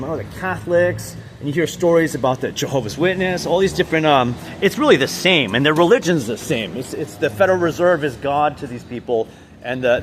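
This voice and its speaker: A man delivering an off-the-cuff monologue, his voice sitting on the higher side. He rambles and stumbles through restarts and fillers, pressing hard on his points, with a faint hum of background ambience. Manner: intense, emphatic. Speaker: vlogger. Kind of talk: unscripted monologue.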